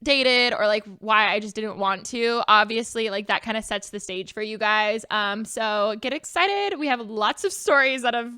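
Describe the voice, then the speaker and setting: A young woman in her twenties co-hosting a casual podcast, telling stories in a bubbly, filler-heavy way. Her voice is bright and a little high. The sound is dry and close. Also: moderate pace, few pauses, smooth, no room sound. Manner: chatty, bubbly storytelling with many fillers. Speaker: podcast co-host. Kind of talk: casual chat.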